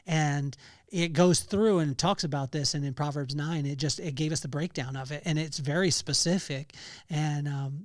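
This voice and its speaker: A middle-aged man hosting a casual solo podcast, telling stories with bursts of excitement and a lot of fillers and restarts. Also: a little high, dry recording, studio quality. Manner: animated storytelling with bursts of excitement. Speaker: podcast host.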